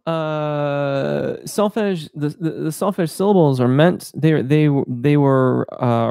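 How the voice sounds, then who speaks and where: Male voice coach for live Q&A: gravelly, dry close sound, explanatory, technical, lots of ums. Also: mid-range voice, darkish tone, no echo. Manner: explanatory, technical, many filler words. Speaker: voice teacher. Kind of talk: live-stream Q&A, reading chat questions aloud.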